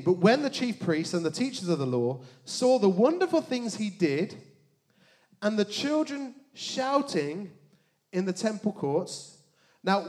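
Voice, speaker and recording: Animated preacher man, fairly high voice. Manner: animated, joking asides, dramatic hushed emphasis. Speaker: pastor. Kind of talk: sermon.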